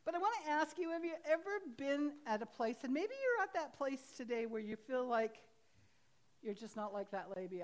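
A woman's voice: sits high, animated, moderate pace. A woman pastor preaching a sermon in a homely, chatty way, laughing at herself now and then. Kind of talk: sermon with storytelling.

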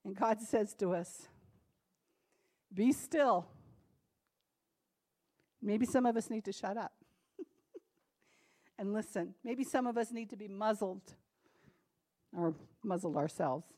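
A woman preaching a sermon in a conversational, animated way, with dramatic pauses and quick laughing asides. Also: mid-range voice.

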